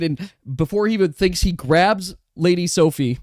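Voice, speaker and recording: A game master narrating a tabletop game in a lively way, laughing and making quick asides to the players, on a close, dry mic. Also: medium pitch, dry recording.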